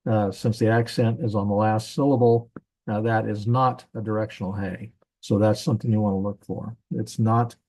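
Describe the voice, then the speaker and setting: A man teaching a Bible language grammar class in a church classroom, patient and explaining step by step, repeating himself and slowing down on key words. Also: medium pitch, mellow, rough recording.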